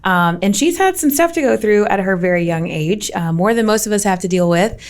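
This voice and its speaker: A woman's voice: mid-range voice, expressive, brisk. A woman hosting a casual podcast, introducing guests in an upbeat, friendly way. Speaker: podcast host.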